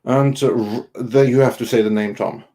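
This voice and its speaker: Halting male live-stream co-host. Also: mid-range voice, steady tone, warm tone. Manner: halting, many ums and restarts. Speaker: co-host of an online entertainment news show. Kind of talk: casual live-stream chat reading Super Chats.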